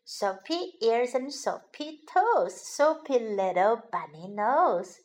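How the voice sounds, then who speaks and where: A woman's voice: high voice, animated, takes it slowly. A woman as a patient, fond mother rabbit. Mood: tender. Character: gentle busy mother rabbit, warm and patient.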